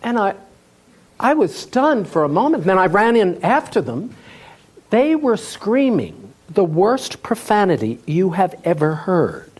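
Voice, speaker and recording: An animated man tells a funny tale to a festival audience. His voice swings widely in pitch and has a husky, slightly raspy edge. He keeps a bright humorous lilt in his delivery. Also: a little slow. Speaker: storyteller, tour guide. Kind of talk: live storytelling performance. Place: festival stage before an audience.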